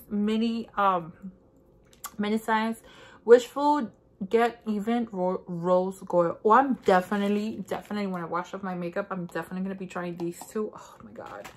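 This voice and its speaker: A woman's voice: mid-range voice, a little hiss or hum. A woman vlogging casually as she unboxes an advent calendar at her desk, gasping and exclaiming over each item. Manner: excitable, gasping and exclaiming while unwrapping. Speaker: beauty vlogger. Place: indoors at a desk.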